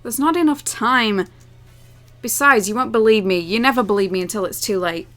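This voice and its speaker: A woman's voice: fairly high pitch, normal speed, soft background music, close to an everyday voice. A woman reading as a resigned, guilt-ridden young man. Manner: quiet, resigned, evasive.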